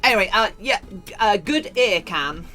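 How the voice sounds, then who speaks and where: A woman's voice: mid-range voice, lively intonation, unhurried, pushed and bright, faint music behind. A British woman streaming live, chatting playfully and mock-dramatically with her viewers while she crafts.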